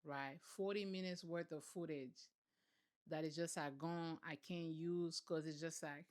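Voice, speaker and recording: A woman hosting a commentary vlog, telling the story in a sassy, animated, colloquial way. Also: low-pitched, measured pace. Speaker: commentary channel host.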